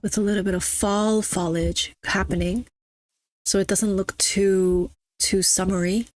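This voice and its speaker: A woman's voice: medium pitch, steady tone, measured pace, darkish tone. A young adult woman streaming a game, chatting casually and teasing her chat with mock-snobby banter. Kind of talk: casual live-stream chatter while gaming.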